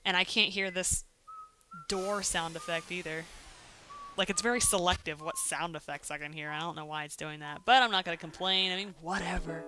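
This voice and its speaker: Chatty excitable woman playing a game. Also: lowish voice, fairly quick. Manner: chatty and excitable, with sudden loud exclamations and silly rhymes. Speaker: let's play host. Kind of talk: casual gameplay commentary. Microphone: home mic without pop filter. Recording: game music behind voice. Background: game music.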